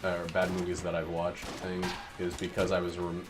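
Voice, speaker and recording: Streaming a video game, this man gives casual, wry play-by-play with muttered asides in a low, completely flat voice. He keeps a moderate pace with hardly any pauses, while loud game music and gunfire play behind him.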